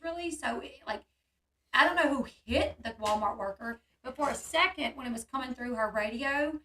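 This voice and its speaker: A woman with a high, bright voice tells a story in a casual hangout chat. She gets animated and acts out the quoted voices. She sounds a little distant from the mic. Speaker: channel host.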